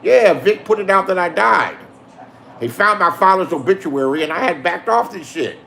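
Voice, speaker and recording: A man's voice: high voice, animated, moderate pace, vocal fry, sharp tone, a little hiss or hum. Profane, confrontational man ranting. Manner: profane, confrontational, addresses absent rivals directly. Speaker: YouTube drama streamer. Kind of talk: heated ranting monologue.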